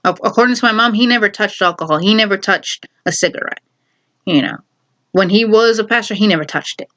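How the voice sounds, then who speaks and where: A woman from Chicago telling a family story in casual vlog style, animated and laughing, often correcting herself mid-sentence. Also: mid-range voice. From Chicago, USA. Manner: animated, laughing, self-correcting, acts out quotes. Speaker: vlogger. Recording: dull lo-fi recording.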